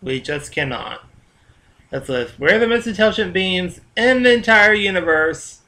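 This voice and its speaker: A man talking casually on his own vlog, telling stories in a loose, chatty way with cursing and quiet asides. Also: sits high, expressive, moderate pace. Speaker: vlogger.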